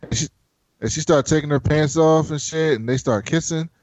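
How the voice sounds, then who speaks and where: A man hosting a casual chat, recapping a show in a profane, animated way and acting out the characters' lines. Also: fairly high pitch, normal speed. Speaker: podcast host.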